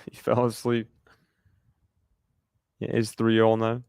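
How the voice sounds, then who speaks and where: A man calls a tennis match live for his stream in a chatty, reactive way, laughing often and talking to the chat. His voice is smooth and clear. It is recorded dry on a close mic. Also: fairly low pitch, monotone, takes it slowly, a little mellow, no echo. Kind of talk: casual live play-by-play commentary.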